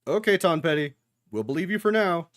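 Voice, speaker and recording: Lively young man reacting to anime. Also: on the high side, fairly quick, no room sound, studio quality. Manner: talks back to the screen, joking and swearing. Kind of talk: casual live reaction commentary.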